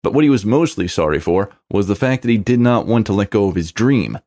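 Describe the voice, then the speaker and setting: Story narrator, man, low-pitched, expressive scripted read with animated pitch. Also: fairly quick.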